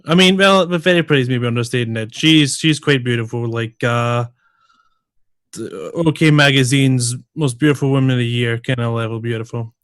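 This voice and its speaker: A man's voice: mid-range voice, normal speed, fairly bright tone, no echo. A man in a middle register describes his character at the tabletop with hesitant fillers. He is recorded close and dry, with a faint clicking behind him. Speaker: player. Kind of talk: tabletop role-play.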